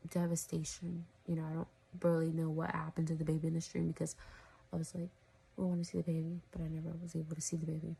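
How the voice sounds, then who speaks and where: Woman vlogger, dark mellow tone, husky, fillers, slips into whispering. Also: on the low side. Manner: rambling, full of "you know" and "like", often drops to a whisper. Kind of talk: casual storytelling to camera.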